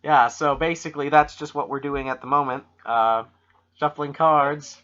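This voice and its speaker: A man's voice: on the high side, fairly even intonation, moderate pace, bright, forceful tone. A Canadian man co-hosting a podcast, chatting casually with wry, self-mocking humor and mock-solemn tarot readings. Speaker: podcast co-host. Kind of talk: casual joking chat. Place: home room at a computer. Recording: dull lo-fi home computer mic.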